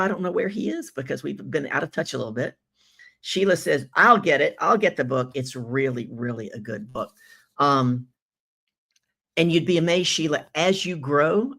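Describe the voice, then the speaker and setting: A woman runs a live business-coaching show, greeting viewers and reading their comments with effusive energy and rhetorical questions. She has a deep, husky voice.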